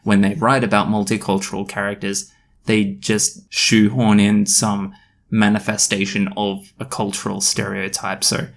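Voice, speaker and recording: A man's voice: on the low side, level tone, unhurried, gravelly. A man reading a story aloud and adding wry, amused comments. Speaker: YouTuber reading stories. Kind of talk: dramatic reading with comedic commentary.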